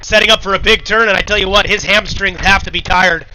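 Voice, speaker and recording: A man commentating a live surf contest, excitable and chatty, talking to the crowd on the beach. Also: high voice, fast, noisy background.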